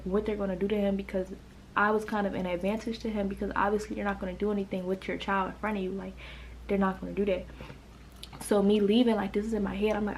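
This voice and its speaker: Flat, gravelly-voiced young woman vlogger. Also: mid-range voice, slight background noise, poor audio. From United States. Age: late teens. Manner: emotional, rambling, heavy use of "like". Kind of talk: storytime vlog.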